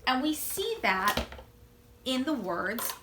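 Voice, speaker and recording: A woman teaching a recorded lesson for children, gentle and encouraging, and inviting them to join in. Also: high voice, big pitch swings, slow, reverberant, background noise. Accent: American.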